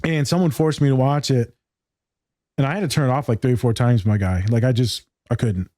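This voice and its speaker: A man's voice: mid-range voice, a little fast, dark tone, dry recording, studio quality. A man hosting a podcast, talking casually and with emphasis, full of slang like "my guy" and free with swearing. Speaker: podcast host.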